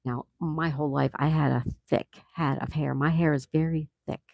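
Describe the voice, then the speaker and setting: Gravelly-voiced man reading chat. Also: a little high, fairly even intonation, moderate pace, darkish tone, no room sound. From United States. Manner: reads viewer comments aloud and reacts, laughs often. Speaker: livestream host reading chat. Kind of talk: casual live chat.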